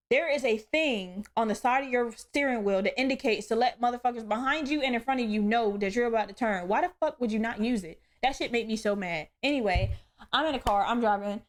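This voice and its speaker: A young woman hosting a solo podcast, telling stories in a blunt, profane, animated way. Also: a little high. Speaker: podcast host. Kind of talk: casual solo podcast rant.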